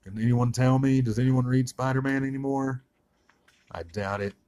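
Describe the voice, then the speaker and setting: A man's voice: mid-range voice, steady tone, moderate pace, mellow. A man reviewing a comic in a casual, sarcastic and blunt way, swearing freely.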